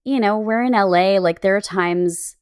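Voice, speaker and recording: Lively, laughing woman co-host. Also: mid-range voice, normal speed, clean tone. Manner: animated, laughing, rambling. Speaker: podcast co-host. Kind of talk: casual chat. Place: Los Angeles.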